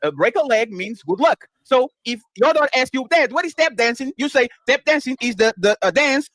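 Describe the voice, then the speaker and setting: New York man, high-pitched, rapid-fire debater, dry close mic. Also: animated, a bit bright, no room sound. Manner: fast, interrupting, pressing for examples. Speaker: podcast panelist. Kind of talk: heated debate.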